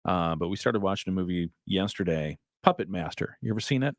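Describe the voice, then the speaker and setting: Lively low-voiced male radio co-host. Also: a little fast, no echo, studio quality. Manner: lively, laughs easily, enthusiastic. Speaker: morning radio show co-host. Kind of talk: casual chat. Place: radio studio. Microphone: studio broadcast mic.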